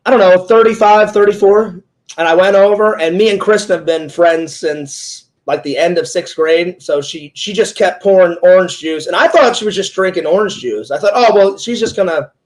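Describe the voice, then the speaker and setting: High-voiced man in his forties, rambling. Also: rough recording. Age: 40s. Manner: rambling retelling full of "he goes" quotes. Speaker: interviewer and streamer. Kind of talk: casual storytelling in an interview.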